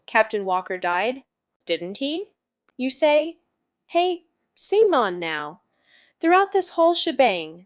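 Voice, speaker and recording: A woman's voice: high voice, dry recording, clean studio sound. A woman voicing a brash, foul-mouthed male jester wizard who narrates in a sardonic, rambling way.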